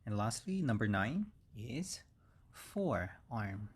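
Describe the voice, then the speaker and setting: A man teaching English vocabulary, speaking slowly and repeating each word several times for learners. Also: on the low side, very animated, slightly rough. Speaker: English instructor. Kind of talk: slow vocabulary lesson.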